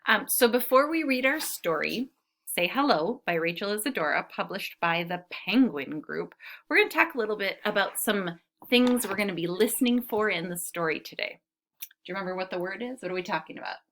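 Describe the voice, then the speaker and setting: A woman teaching a preschool class, her voice rising and falling in a lively, animated way. She speaks with patient encouragement, slowing down to sound out and clap syllables for little listeners. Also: mid-range voice. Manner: claps and counts syllables aloud slowly. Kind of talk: reading a picture book to young children.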